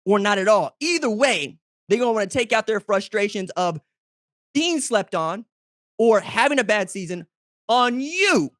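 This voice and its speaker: A man hosting a solo sports podcast, talking emphatically to fans in second person with big jumps in pitch. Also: a bit bright, no room sound, studio quality. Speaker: podcast host.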